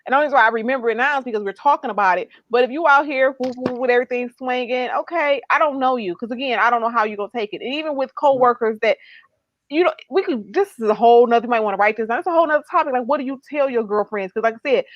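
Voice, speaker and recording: A woman's voice: a little high, rapid-fire, no echo. A woman guest and author speaking bluntly and emphatically in a casual panel discussion over a video call. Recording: dull dry sound.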